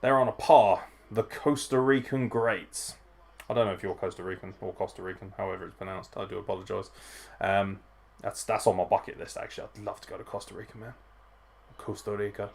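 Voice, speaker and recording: A man's voice: lowish voice, steady tone, fairly quick, creaky, a little mellow, breathy edge. A man hosting a live wrestling watchalong, tipsy, chatty and profane as he reacts and greets viewers. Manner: profane, chatty, frequent swearing. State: tipsy from drinking. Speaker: wrestling podcast host.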